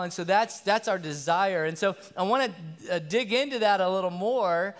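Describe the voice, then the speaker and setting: A male pastor with a notably high voice delivers a sermon in an earnest, conversational manner. His words ring out with a long reverb from a church hall. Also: normal speed. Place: church sanctuary.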